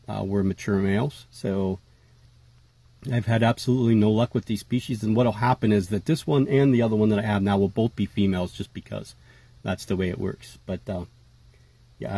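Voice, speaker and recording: Husky low-voiced man rambling casually. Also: no room sound. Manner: relaxed, chatty, frequent uh fillers. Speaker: tarantula keeper vlogger.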